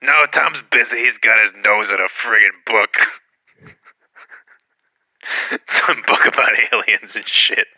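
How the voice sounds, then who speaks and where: A ditzy female pop star , as a man puts her on, rambles over a muffled phone line, tripping over her own plans. The voice is gravelly with a bright, edgy top. She keeps pushing herself forward in the chat. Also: lowish voice, slow, pauses often, dry recording, full character voice. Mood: chatty. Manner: rambling, self-promoting, loses the thread. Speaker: prank caller.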